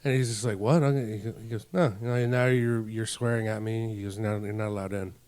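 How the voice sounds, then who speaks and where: A man's voice: fairly low pitch, fairly even intonation, a little fast, darkish tone, clear, resonant tone. A man telling long, rambling stories on a casual podcast, acting out the dialogue of the people in them. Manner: rambling anecdotes, acts out quoted dialogue. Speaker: podcast host. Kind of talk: casual storytelling chat.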